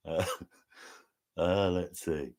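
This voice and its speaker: A man, hosting a casual live chat from home and reading viewer comments in an easygoing, folksy way with lots of laughter. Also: sits low. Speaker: live stream host.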